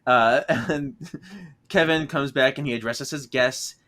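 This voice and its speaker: In a casual podcast chat, this male co-host recaps a book with an animated manner, frequent laughter, and acted-out character lines. He speaks at a measured pace in a mid-range voice.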